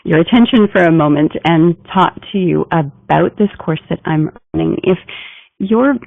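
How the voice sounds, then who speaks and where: Gravelly trainer on a tinny line. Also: mid-range voice, moderate pace, no room sound. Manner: emphatic, coaching delivery. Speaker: communication trainer. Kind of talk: business training talk. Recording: tinny phone-like dry recording.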